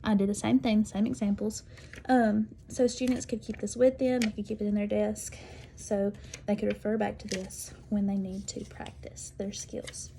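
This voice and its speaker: A woman teacher demonstrating literacy activities, speaking clearly and deliberately and sounding out word parts slowly. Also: mid-range voice, little pitch movement, dark tone, slight background noise. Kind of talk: instructional demonstration.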